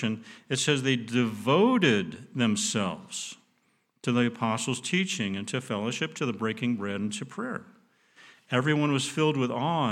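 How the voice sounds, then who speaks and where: A middle-aged man preaching in a plain, mid-pitched voice. He speaks in an earnest, folksy way, restarting phrases as he builds toward a point. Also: fairly bright tone. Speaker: pastor. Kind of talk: sermon.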